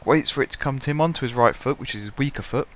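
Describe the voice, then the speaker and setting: A man casually commentating his own football management game, his voice stuffy and blocked up, chatty and self-mocking, clearing his throat now and then. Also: mid-range voice, fast. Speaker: gaming commentator. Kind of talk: casual let's-play commentary.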